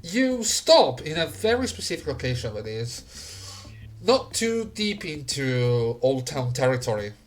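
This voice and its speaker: A man's voice: medium pitch, very animated, soft background music. A man narrating grim scenes as game master in a tabletop game. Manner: slow, grim scene-setting.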